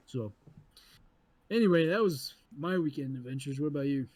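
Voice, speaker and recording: A man co-hosting a podcast, telling a story in an animated, profane way and acting out the people in it. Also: medium pitch, normal speed, dry recording. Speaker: podcast co-host. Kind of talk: casual storytelling chat.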